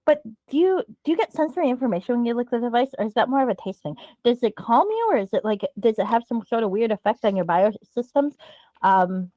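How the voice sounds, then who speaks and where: A woman's voice: a little high, expressive, quick pace, dark tone, no echo. A woman playing a tabletop game, talking in a chatty, curious way. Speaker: player. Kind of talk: casual tabletop play.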